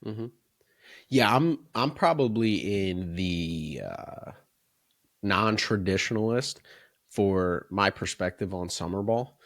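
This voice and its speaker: A man's voice: on the low side, takes it slowly, fairly bright tone, no echo, studio quality. A man who coaches baseball, co-hosting a casual podcast and talking in long run-on thoughts that he often caps with "right?" and "like".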